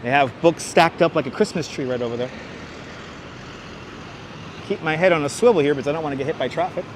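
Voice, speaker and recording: A man's voice: a little high, fast talker. A man hosting a walking livestream outdoors, chatting with viewers by name and telling street history through a clip-on mic. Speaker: livestream host and city walking guide. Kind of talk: casual walking tour livestream. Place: outdoors on busy city streets. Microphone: wireless clip-on mic. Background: faint street traffic.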